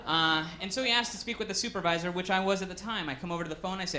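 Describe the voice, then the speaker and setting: A man's voice: high voice, rapid-fire, bright, forceful tone. A man doing a stand-up comedy set on stage, telling stories with many fillers. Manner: storytelling with frequent fillers.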